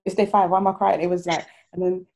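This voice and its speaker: A woman's voice: on the low side, little pitch movement, fast talker, darkish tone. A woman and new mother chatting casually, telling stories and acting out what people said. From Ghana. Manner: chatty, storytelling, acts out quoted voices. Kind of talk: casual chat.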